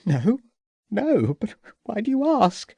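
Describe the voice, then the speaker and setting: Shaken Victorian widow hostess, soft and high, man doing her. Audiobook, dry close sound. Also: very animated, takes it slowly, gravelly, slightly rough, no echo, heavily acted. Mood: distressed.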